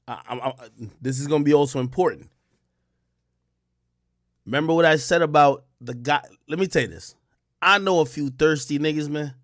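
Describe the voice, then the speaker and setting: A man hosting a reaction stream, talking casually and explaining his view as he goes. His voice sits a little high for a man, and the recording is close and dry with no room sound. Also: dry recording. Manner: casual, explanatory, repeats "you know" and "like". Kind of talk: casual commentary on a clip.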